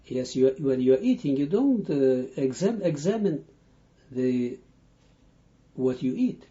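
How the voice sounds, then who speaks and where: Slow, dark-voiced man teaching haltingly. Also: medium pitch, very animated. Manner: halting, searching for words with many restarts. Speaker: Kabbalah teacher. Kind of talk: unscripted audio lesson. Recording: dull lo-fi audio.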